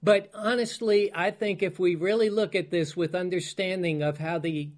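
A man preaching a teaching sermon, unhurried, with many fillers and restarts and emphatic repetitions. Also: high-pitched, fairly even intonation.

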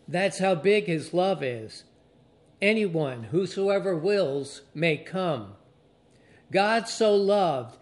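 A pastor preaching a sermon to his congregation, slowly stressing key phrases and drawing out his emphasis. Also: on the high side. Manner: slow, deliberate preaching with drawn-out emphasis.

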